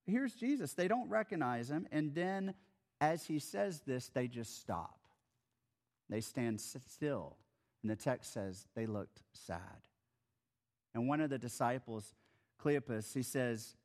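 A man's voice: medium pitch, expressive, takes it slowly, a little mellow. A man preaching a sermon as a pastor, telling the story in a casual, conversational way and acting out the scenes.

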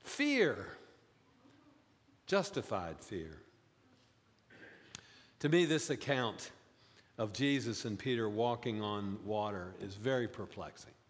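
A man preaching a sermon as pastor, telling stories and rising high in pitch for emphasis. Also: lively intonation, a little slow, pauses often. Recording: long reverb, as in a church.

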